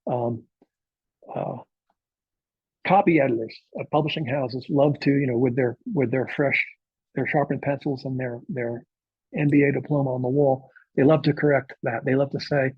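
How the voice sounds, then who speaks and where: A man's voice: mid-range voice, fairly even intonation, normal speed, breathy edge, no room sound, muffled recording. A man, a novelist, giving an informal workshop talk to writers, speaking conversationally with frequent filler uhs and checking in with "okay?".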